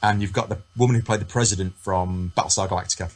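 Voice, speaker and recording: Fast-talking low-voiced English podcast guest. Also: male voice, steady tone. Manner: fast, tumbling anecdotes with repeated words. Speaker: podcast co-host. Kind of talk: casual chat.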